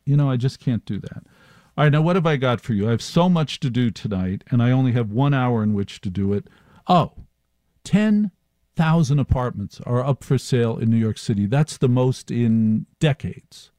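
A man's voice: medium pitch, animated, moderate pace, dark tone, no room sound. A male radio talk show host riffing sardonically through a live monologue. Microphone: studio microphone.

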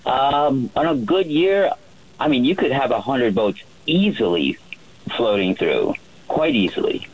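Husky-voiced man telling stories. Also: medium pitch, big pitch swings, unhurried, rough recording. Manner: rambling, lots of fillers and restarts. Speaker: private yacht chef. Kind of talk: telling stories in a radio interview.

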